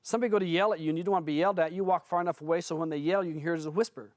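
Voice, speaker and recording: A man's voice: a little high, steady tone, rapid-fire, no echo, clean studio sound. A man who is a spiritual teacher, giving a blunt, conversational seminar talk full of stories to an audience.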